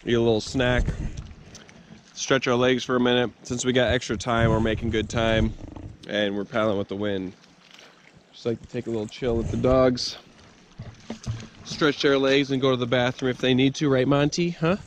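A man talks to the camera in a laid-back, chatty way while out on a wilderness lake. His voice sits at a middle pitch. Clear outdoor noise runs under the camera audio. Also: flat delivery, moderate pace, pauses often. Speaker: wilderness camping vlogger. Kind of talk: casual outdoor narration to camera. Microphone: camera mic outdoors.

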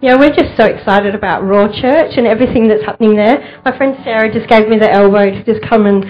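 A woman's voice: mid-range voice, fairly quick. A woman enthusiastically sharing about her youth church team and thanking its leaders. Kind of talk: church announcement. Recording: muffled church recording.

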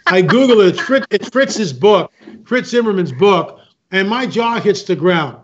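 A man's voice: high voice, expressive, a little slow. A man speaking as a guest, telling stories with emphasis, repeating himself and acting out other people's lines. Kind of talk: animated storytelling talk. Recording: muffled lo-fi sound.

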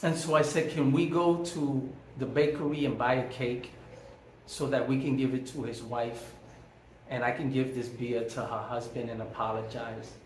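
A man's voice: mid-range voice, fairly even intonation, moderate pace. A man telling a personal story as a monologue, emphatic and preachy, repeating phrases for effect. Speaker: vlogger. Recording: echoey room, faint background hum.

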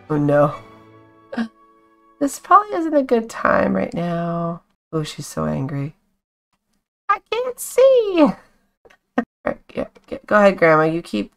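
Playing a life-sim game, a young woman who makes gaming videos on YouTube chats with the characters on screen and offers relaxed, amused commentary. She speaks in a fairly low voice with vocal fry.

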